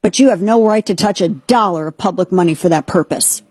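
A woman's voice: lowish voice, a little fast, warm tone, breathy edge, dry recording. A woman retelling a historical story in a casual, conversational way, acting out the quotes. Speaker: speaker recounting history.

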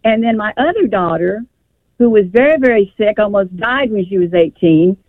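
This call-in radio conversation features an older woman on the telephone, her medium-pitched voice animated and moderately paced on a dry, tinny line. She tells a long tale emotionally and in a rambling way, restarting many times.

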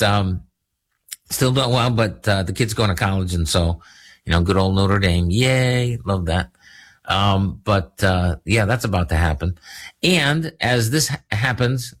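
A man's voice: fairly low pitch, fairly bright tone. A middle-aged man hosting a radio show as a lawyer, talking in a rambling, jokey way with lots of fillers. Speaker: radio show host and attorney. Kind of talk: casual radio talk.

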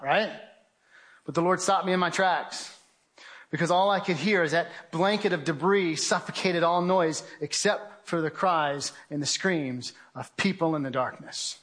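A middle-aged man telling a vivid personal story to a crowd, with a fairly high-pitched voice. He acts out his own shouts and calls his listeners guys. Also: normal speed. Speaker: speaker giving a testimony presentation. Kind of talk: dramatic spoken testimony to a live audience.

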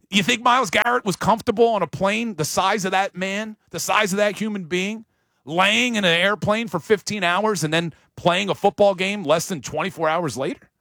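A man hosting a sports talk show, talking casually and emphatically with big jumps in pitch. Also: sharp tone, dry recording, studio quality.

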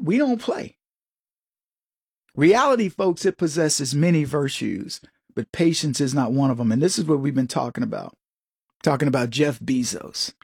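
A man's voice: husky, dry recording, clean studio sound. A middle-aged American man hosting an opinionated commentary show, talking animatedly and jumping into quoted voices. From United States. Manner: animated, jumps into higher-pitched quoted voices.

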